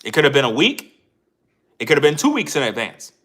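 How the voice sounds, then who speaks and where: A man's voice: medium pitch, huge pitch swings, brisk, fairly bright tone. A man giving an emphatic commentary rant as a YouTube commentator, repeating himself and addressing viewers directly.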